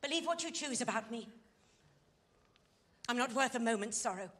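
A woman's voice: a little high, lively intonation, moderate pace, fairly bright tone. An actress playing a fallen society woman who pleads urgently and with passion in a stage play scene. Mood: pleading. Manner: impassioned, pleading.

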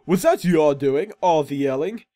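Guy putting on a weary old prison guy voice, odd put-on accent, halting. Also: fairly high pitch, lively intonation, dark tone. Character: frail old male prisoner, weary and resigned. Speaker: gaming commentator voicing a game character. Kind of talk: reading game dialogue aloud in a voice.

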